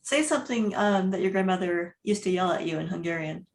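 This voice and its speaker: A woman's voice: lowish voice, a little fast, vocal fry. Laughing woman in an echoey room. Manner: animated, laughing storyteller. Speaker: discussion moderator. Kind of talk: casual group discussion.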